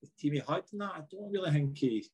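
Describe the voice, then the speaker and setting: A man's voice: on the high side, lively intonation, fast talker, darkish tone, breathy edge. Scottish man swearing through a laughing story. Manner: swears freely and laughs through his stories. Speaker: guest, former footballer. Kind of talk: casual podcast chat.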